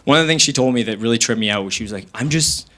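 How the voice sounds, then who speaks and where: A young man doing stand-up comedy on a stage into a handheld mic, energetic and self-mocking, jumping into voices. The live comedy club recording carries audience noise. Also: lowish voice, very fast.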